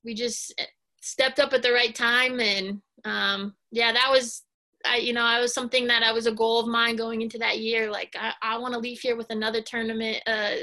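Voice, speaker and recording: A woman in her thirties, a former college basketball player and now a coach, answering interview questions in a soft-spoken, hesitant way with many pauses and fillers. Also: fairly high pitch, flat delivery. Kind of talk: casual interview.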